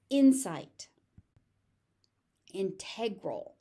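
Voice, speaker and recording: Speaking a little slowly, a woman with a dark, animated, medium-pitched voice and a General American accent teaches English pronunciation. Each word gets repeated several times with deliberate stress.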